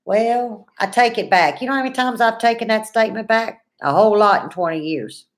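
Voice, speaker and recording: A woman's voice: a little high, fairly quick. A woman, in her forties, hosting a casual livestream, chatting folksy and greeting viewers by name while reading comments. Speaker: livestream host.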